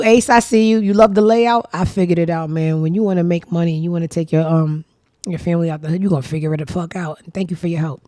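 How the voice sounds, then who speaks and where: A woman's voice: lowish voice, dark tone, no echo, clean studio sound. A woman hosting her own show, giving casual gossip commentary in a blunt, sassy, profane way. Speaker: show host.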